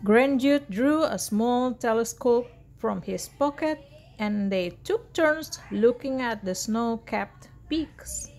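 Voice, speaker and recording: A woman's voice: fairly high pitch, slow. A woman reading a picture book aloud, voicing the characters with lots of expression. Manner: animated read-aloud with voiced dialogue. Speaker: storybook reader.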